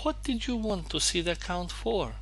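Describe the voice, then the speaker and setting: A man voicing a brisk, scolding old woman housekeeper in a storybook reading, pushing his voice high and sharp. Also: expressive, creaky, a little hiss or hum, exaggerated voice.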